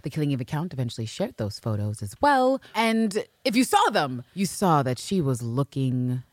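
A woman co-hosting a casual fan podcast, animated, swinging from loud exclaiming to hushed asides. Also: low voice, moderate pace, dry recording, studio quality. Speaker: podcast co-host.

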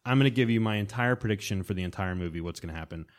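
A man co-hosting a casual podcast chat, excitedly retelling a story and acting out characters and sound effects. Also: lowish voice, rapid-fire. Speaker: podcast co-host.

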